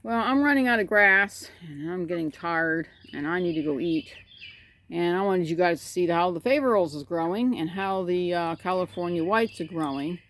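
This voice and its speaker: A woman's voice: on the low side, moderate pace, fairly bright tone. A woman chatting about her backyard chickens, rambling and cooing at the birds, recorded outdoors on a phone. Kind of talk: casual chat. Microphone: phone camera.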